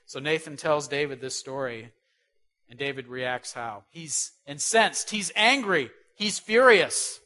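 A man preaching a sermon who asks rhetorical questions and swings between loud stresses and soft asides. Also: a little high, animated, unhurried.

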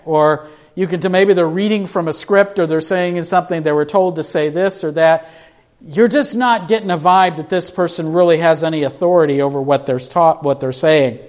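A man preaching a sermon in a conversational way, asking his listeners questions and restarting his sentences as he talks off the cuff. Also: high voice. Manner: repeats words and restarts when speaking off the cuff.

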